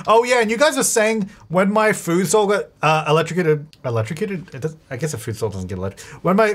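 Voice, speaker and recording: A man hosting a gaming channel, thinking aloud in chatty gameplay commentary, self-correcting as he goes and breaking into excited bursts. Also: a little high. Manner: excitable bursts, quick laughs. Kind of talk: let's-play gameplay commentary.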